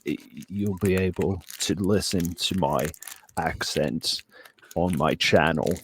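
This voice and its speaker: A man putting on an exaggerated fake Australian accent, rambling deadpan through a mock-earnest talk. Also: low-pitched, slow pace, a little hiss or hum.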